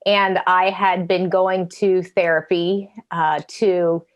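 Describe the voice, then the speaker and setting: A woman's voice: on the low side, little pitch movement, slow pace. A woman sharing a personal story with colleagues in a blunt, frank, matter-of-fact way. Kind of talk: candid storytelling in a group discussion.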